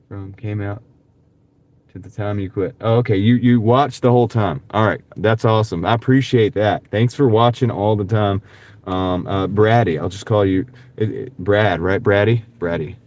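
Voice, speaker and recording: A man with a light Southern US accent and a fairly low, darkish voice talks at a normal speed, with no room sound, through a wireless clip-on mic. He's a delivery driver from the American South livestreaming from his car, chatting casually, rambling, and answering viewer comments as he drives.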